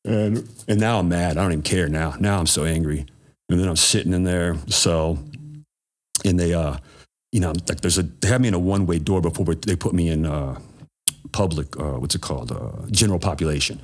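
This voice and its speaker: A man's voice: deep voice, fairly quick. A middle-aged man telling a story as a podcast guest, laid-back and profane, calling people "bro.". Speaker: podcast guest, cannabis grower. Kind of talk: casual storytelling.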